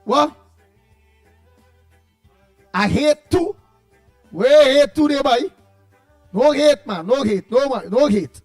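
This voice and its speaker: A Trinidadian man with a strikingly high voice hosts a casual morning radio chat. He rambles and calls out listeners' names one after another. Soft music plays faintly behind him. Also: lively intonation, slow pace, long pauses. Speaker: radio host.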